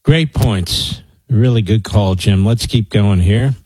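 A man's voice: slow pace, a little mellow, husky, rough recording. A man hosting a talk radio call-in show, emphatic and opinionated as he takes callers. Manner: emphatic, opinionated, rising and falling pitch. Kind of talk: talk radio, taking calls.

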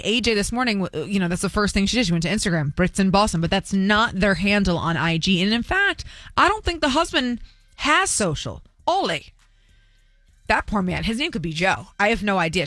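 A woman hosting a morning radio show, chatting excitedly in a bubbly, gushing way with quick asides. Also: mid-range voice, dry recording.

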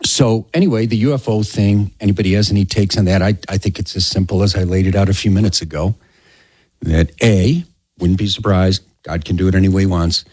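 A man's voice: low voice, a little fast, breathy edge, no room sound. A man hosting a talk radio show, chatting casually and taking on-air questions. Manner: relaxed, conversational, frequent "yeah".

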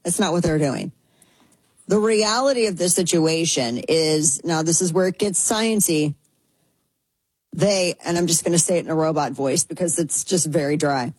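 A woman with a low, husky voice hosts a casual talk show. She is chatty and sarcastic and keeps dropping into mocking voices. The sound is dry and close. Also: normal speed, a little mellow, no echo, low-quality recording. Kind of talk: casual commentary.

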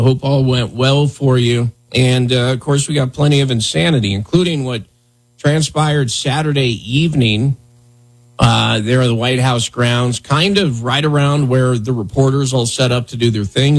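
A man's voice: medium pitch, moderate pace. A man hosting a morning radio show, talking casually and sarcastically with lots of fillers. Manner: loose, sarcastic, rambling with fillers. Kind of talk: casual talk radio commentary.

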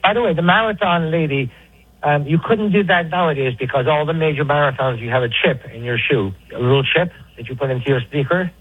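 Regular radio caller, husky guy on a tinny phone line, jokey and offhand. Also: a little high, brisk, no echo. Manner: offhand, joking, unprepared. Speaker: regular caller making picks. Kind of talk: casual radio banter. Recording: muffled phone line with faint music.

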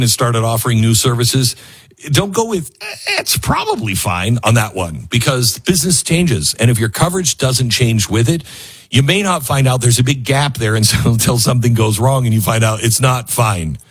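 Husky, rambling talk radio host. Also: male voice, medium pitch, brisk. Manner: rambling, self-mocking, animated. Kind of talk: talk radio monologue with host-read ads.

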